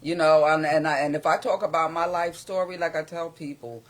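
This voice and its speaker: A man's voice: fairly high pitch, brisk. An older man who is a guest on a chat show, speaking bluntly and candidly as his thoughts jump around. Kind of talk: casual chat. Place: small studio.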